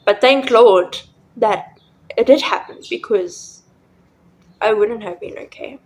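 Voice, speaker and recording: A woman with a fairly high voice shares a painful personal story on her own show. She speaks earnestly and with emotion, often softly. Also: slow, pauses often, a little hiss or hum, poor audio. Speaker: podcast host.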